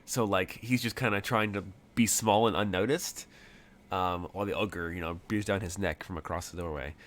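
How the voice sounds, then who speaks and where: A man runs a tabletop game, narrating in a somewhat low voice. He wanders through his descriptions, full of fillers and restarts. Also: steady tone, moderate pace, fairly bright tone. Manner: rambling, many fillers. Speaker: game master.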